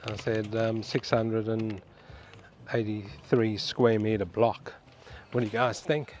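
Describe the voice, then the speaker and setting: Man, lowish voice, chatty house-tour vlogger, faint background ambience. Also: flat delivery, slow, a little mellow, a little hiss or hum. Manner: chatty, addresses viewers as guys. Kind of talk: casual walkthrough commentary. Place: outdoors and indoors at a suburban house.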